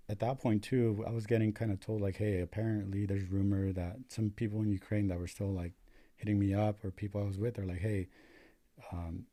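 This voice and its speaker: Man, young adult, paramedic guest, casual storytelling, lots of "dude", mellow deep tone. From United States. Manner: profane, filler-heavy, says "dude" a lot.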